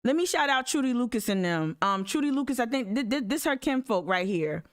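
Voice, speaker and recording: Lively woman livestreaming. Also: fairly high pitch, a little fast. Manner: animated, laughing, talks straight to viewers. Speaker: livestream host. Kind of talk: casual livestream commentary.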